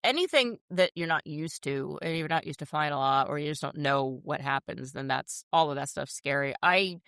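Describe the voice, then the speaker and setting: A woman's voice: sits low, lively intonation, normal speed, vocal fry, a bit bright, clean tone, dry recording, clean studio sound. A woman in her fifties chatting casually as a co-host, laughing often and telling stories with animation. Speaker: podcast co-host. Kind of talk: casual chat.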